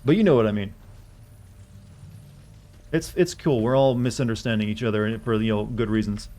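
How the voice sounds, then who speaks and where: A man's voice: fairly low pitch, normal speed, dark tone. An American man giving casual, rambling commentary while streaming a video game, self-deprecating and full of restarts. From United States.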